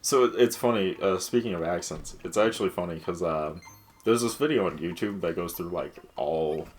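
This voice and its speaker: A man's voice: deep voice, moderate pace, a little hiss or hum. A young man from Massachusetts with a light Boston accent, chatting casually and laughing over a video game. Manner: rambling, laughing, swears freely. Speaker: game streamer. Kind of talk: casual chat over gameplay.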